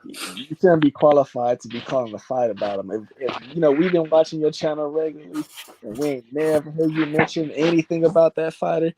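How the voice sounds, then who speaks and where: A man's voice: a little high, steady tone, fairly quick, background noise. A man co-hosting a casual chat, explaining fight history with many fillers. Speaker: co-host boxing fan.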